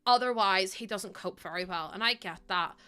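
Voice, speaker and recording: Bright chatty woman streamer. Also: medium pitch, normal speed, clear, resonant tone. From Ireland. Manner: chatty, laughs often, talks to chat. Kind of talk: casual live-stream chat.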